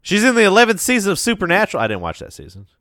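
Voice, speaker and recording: A man co-hosting a casual chat, dropping in quick jokes and comments. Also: high-pitched, wildly swooping pitch, a bit bright, no room sound, studio quality. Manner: quick jokey interjections. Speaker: podcast co-host.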